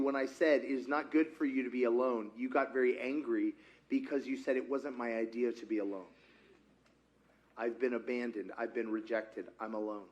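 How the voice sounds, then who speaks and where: A man preaching a conversational sermon as pastor, often putting questions to the congregation. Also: mid-range voice. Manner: asks the congregation frequent questions; conversational and animated. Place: church sanctuary.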